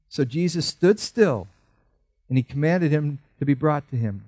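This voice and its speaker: A man's voice: expressive, a little slow, dark tone. A man, middle-aged, preaching a sermon earnestly and voicing Bible figures as he goes. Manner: earnest, acts out Bible voices with rising pitch. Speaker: pastor.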